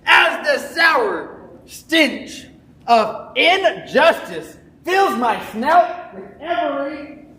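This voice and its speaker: Brash, taunting young male, played by a young actor, slow and theatrical, in a roomy far-off hall. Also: high-pitched, sing-song, slight background noise, heavily acted. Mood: cocky, folksy. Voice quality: loud, taunting, bouncy delivery. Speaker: stage actor in a school musical. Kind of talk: live stage musical acting. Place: school stage in a large hall.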